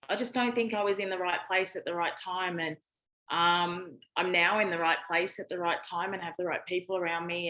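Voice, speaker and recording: A woman's voice: medium pitch, a bit bright, low-quality recording. A woman from Australia with an Australian accent, a podcast guest talking in a chatty, frank way with lots of fillers. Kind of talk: casual interview chat.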